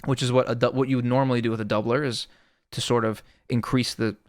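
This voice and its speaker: A man speaks quickly in a level, mid-range tone, giving a relaxed tutorial on sound design as a producer with frequent "sort of." He's close to a studio microphone, and there's no echo.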